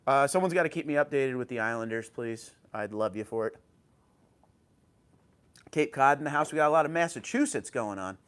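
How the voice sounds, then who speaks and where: A man in the middle of a relaxed home livestream, chatting into an old tablet at an easy, even pitch. He greets viewers one by one by name and reads their comments back to them in a friendly, informal way. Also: fairly quick, pauses often, clean tone. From New Jersey. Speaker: livestream host. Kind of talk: casual livestream chat.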